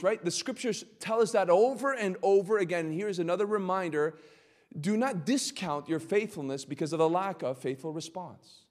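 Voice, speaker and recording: A male pastor teaching a Bible study sermon, impassioned and building to loud, emphatic cries. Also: on the high side. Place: church sanctuary. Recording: long hall reverb.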